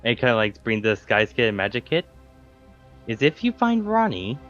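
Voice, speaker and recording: A man's voice: mid-range voice, big pitch swings, moderate pace, fairly bright tone, highs cut off, soft background music. A man voicing a polite, earnest adventurer in a tabletop game, speaking with formal courtesy.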